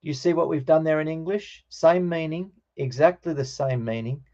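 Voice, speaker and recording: A man's voice: fairly high pitch, moderate pace, warm tone, muffled recording. A man teaching a Greek grammar class, explaining patiently and checking in with his students.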